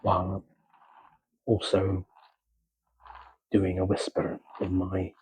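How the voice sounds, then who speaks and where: Soft-spoken man with a Gloucestershire accent. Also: low voice, completely flat delivery, slightly rough, low-quality recording. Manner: slow, halting, with many pauses; soft-spoken, slipping into whispers. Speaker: ASMR creator. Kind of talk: soft-spoken ASMR chat.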